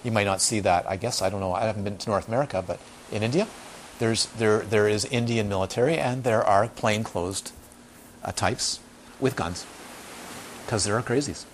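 A meditation teacher with a lowish voice gives a relaxed dharma talk at a moderate pace, bringing his stories to life by repeating key lines emphatically and impersonating the people he quotes. Slight background noise is present.

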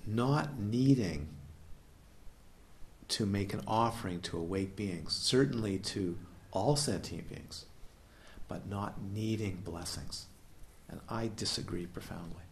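A man's voice: fairly low pitch, slow, creaky. A man giving a playful, questioning dharma talk as a meditation teacher at a retreat. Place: retreat hall.

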